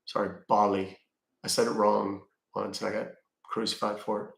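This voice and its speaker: A man's voice: lowish voice, flat delivery, moderate pace, creaky, reverberant. A man hosting a casual livestream, chatting with his viewers and answering their questions with easygoing fillers. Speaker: livestream host reading chat. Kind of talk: casual chat.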